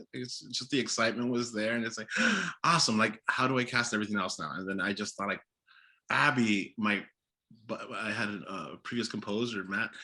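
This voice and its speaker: Animated, laughing filmmaker man. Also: lowish voice, breathy edge. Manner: animated, laughing, acts out his own past thoughts. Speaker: filmmaker guest. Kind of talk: casual interview chat. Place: Los Angeles area.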